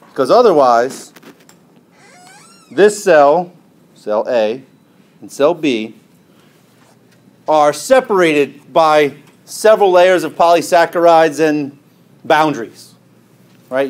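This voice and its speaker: Man lecturing, drawing as he explains. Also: fairly high pitch. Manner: asks questions and answers them, tags lines with "right?" and "okay?"; drawing on a board while explaining. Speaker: biology lecturer. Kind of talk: classroom lecture.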